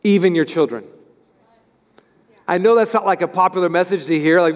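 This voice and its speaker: A man preaching a sermon as pastor, animated, swinging from loud to hushed. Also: sits high, fairly quick. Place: church sanctuary. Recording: echoey hall with music.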